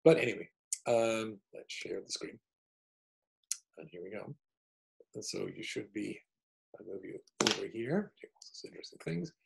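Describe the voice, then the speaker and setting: Gravelly man teaching an online Torah class. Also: fairly low pitch, expressive, moderate pace, long pauses, rough recording. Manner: chatty, digressive, thinking aloud while clicking through the text. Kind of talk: online Torah lesson with shared screen.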